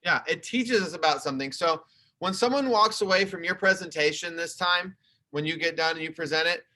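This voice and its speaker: Bright-voiced male teacher on a video call. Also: fairly high pitch, fairly quick. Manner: explaining, conversational, talks through slides. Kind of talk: online class lesson. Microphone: computer webcam mic.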